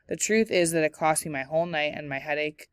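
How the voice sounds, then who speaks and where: A woman teacher reading a children's novel aloud in clear, steady storytelling narration. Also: low voice, brisk, no echo, clean studio sound. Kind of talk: read-aloud book narration.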